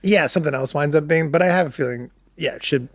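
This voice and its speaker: A man co-hosting a podcast, telling quick joking stories in casual chat. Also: a little high, no echo. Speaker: podcast co-host.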